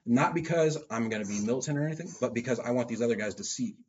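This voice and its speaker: Husky-voiced man, earnest coach. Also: mid-range voice, racing, darkish tone. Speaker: jiu-jitsu kids coach, podcast co-host. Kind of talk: casual chat. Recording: dull lo-fi sound.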